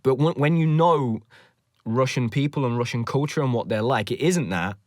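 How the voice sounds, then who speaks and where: A British man hosts a podcast in a relaxed, conversational tone. He reflects on his own past before putting questions to his guest. His voice sits mid-range and is recorded close and dry. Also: mid-range voice, moderate pace, dry recording. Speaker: podcast host. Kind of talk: casual interview chat.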